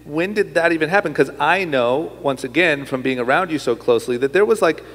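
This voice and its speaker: A man's voice: on the high side, a little fast, a bit bright. Male host, casual interview, asks pointed follow-ups, long reverb on the voice. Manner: probing, asks follow-up questions. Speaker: podcast host.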